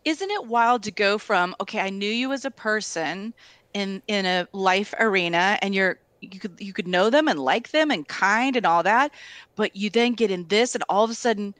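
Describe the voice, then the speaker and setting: A woman talking casually, telling stories in a candid, animated way with lots of fillers. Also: mid-range voice, moderate pace, no room sound. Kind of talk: casual conversation.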